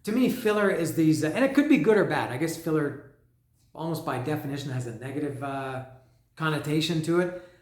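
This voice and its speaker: A man talks through an album in a loose, rambling way, stopping and restarting as he goes. His voice sits a little high for a man. The recording carries a noticeable room echo. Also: animated, a little fast, darkish tone. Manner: rambling, many restarts and fillers, raps lyrics along. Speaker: music vlogger. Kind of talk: casual album review monologue.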